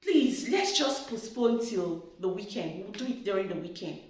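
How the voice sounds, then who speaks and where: A woman's voice: medium pitch, very animated, moderate pace, darkish tone, distant mic, pitched below the performer's own voice, natural voice. A woman voicing her tired husband, who pleads and makes excuses in a sheepish way. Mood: apologetic. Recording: very echoey room.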